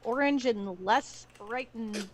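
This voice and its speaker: A woman with a fairly high voice joins a casual online chat. She sounds easygoing and matter-of-fact, describing things plainly without fuss. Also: slow, slight background noise.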